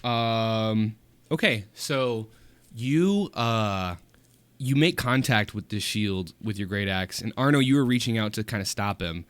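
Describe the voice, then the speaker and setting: A man's voice: on the low side, measured pace, a bit bright, clear, resonant tone, dry recording. A man narrating a tabletop game as game master, hesitant, with many fillers. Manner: hesitant, many ums and likes.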